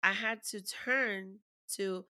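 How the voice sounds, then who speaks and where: Woman, candid storyteller, bright forward tone, emotional and profane, conversational. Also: mid-range voice, fairly even intonation, takes it slowly. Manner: raw, emotional, swears freely.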